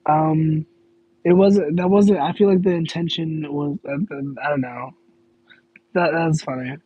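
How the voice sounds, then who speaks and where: A man with a somewhat high, slightly husky voice talks loosely to his audience, rambling and correcting himself as he goes. The sound is a little dull and lo-fi, like stream audio. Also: fairly even intonation, a little slow. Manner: rambling, self-correcting, laughs in disbelief. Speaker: streamer answering chat questions. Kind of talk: casual live Q&A chat.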